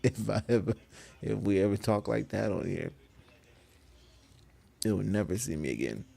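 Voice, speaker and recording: A man chatting casually with viewers on a gaming live stream, laughing often and getting animated when he rants. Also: on the low side, normal speed, creaky, slightly rough. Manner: laid-back, laughs often, gets animated when ranting.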